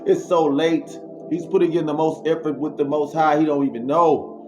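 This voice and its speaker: Slangy, animated male storyteller over music. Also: a little high, moderate pace, muffled recording. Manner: animated, slangy, exclaims sound effects. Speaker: vlogger. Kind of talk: storytelling monologue with preaching.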